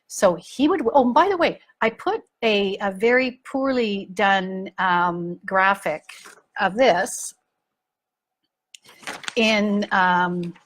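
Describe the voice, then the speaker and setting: A woman's voice: mid-range voice, slow pace, fairly bright tone. A middle-aged woman hosting a parenting talk, speaking frankly and animatedly and repeating words for emphasis. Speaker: parenting coach and podcast host. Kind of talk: casual talk to listeners.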